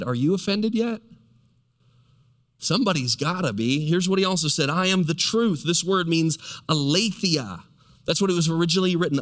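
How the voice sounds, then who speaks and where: A man preaching a sermon, asking the congregation rhetorical questions and slowing down to stress key words. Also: fairly high pitch, fairly bright tone. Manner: stretches key words slowly for emphasis. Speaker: pastor. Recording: long hall reverb.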